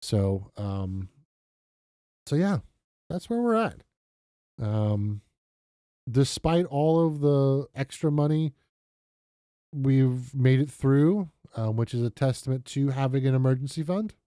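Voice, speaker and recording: A man walks through his budget on screen in a relaxed, rambling way, dotting his talk with ums and false starts. His voice is very dark and mellow at a medium pitch. The sound is dry and close, with almost no room in it. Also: slow pace, dry recording. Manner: chatty, self-deprecating, many fillers and restarts. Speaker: budgeting vlogger. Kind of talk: casual screen-share walkthrough.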